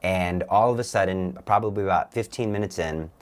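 A young man appears as a guest on an interview show, earnestly sharing his personal faith story with halting restarts. His voice sits low.

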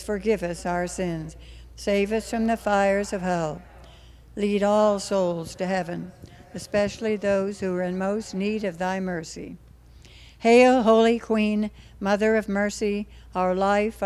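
A woman leading the rosary, reciting prayers in a steady, measured rhythm with line endings that trail off softly. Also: mid-range voice, smooth.

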